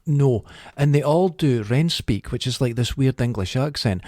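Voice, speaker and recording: A Scottish man at a mid pitch tells rambling, jokey stories. His voice is close and dry, with no room sound around it. The chat is loose and casual, and he swears freely. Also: animated, normal speed, darkish tone, dry recording. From Scotland. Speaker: podcast co-host.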